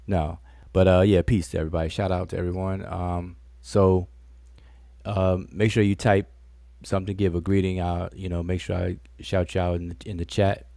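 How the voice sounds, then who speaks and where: Low, dark-voiced man hosting a live stream. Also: fairly even intonation, moderate pace, creaky, dry recording. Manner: rambling and conversational. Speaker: livestream host. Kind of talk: casual live-stream chat.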